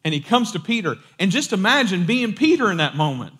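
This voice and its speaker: Male preacher, slightly high voice, chatty and animated sermon delivery. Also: a little fast, slightly rough. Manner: casual, animated storytelling.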